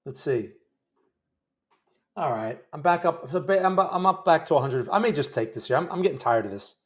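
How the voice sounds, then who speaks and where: A man with a fairly high voice hosts a live trading stream. He talks in a chatty, wry way as he follows the trades and speaks to viewers. The commentary runs loose and off the cuff. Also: lively intonation, moderate pace. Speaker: day trading livestream host.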